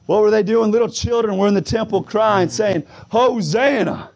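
A man preaching a fervent sermon, shouting in bursts while losing his voice. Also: high-pitched, steady tone, brisk, gravelly. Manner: shouting, call-and-response preaching. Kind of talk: pentecostal-style sermon. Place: church sanctuary. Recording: muffled, lo-fi church recording.

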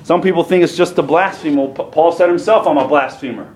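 High-pitched guy preaching a sermon, goes from teaching to shouting, echoey room. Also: fairly even intonation, a little fast. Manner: swells from plain teaching to shouted fervor.

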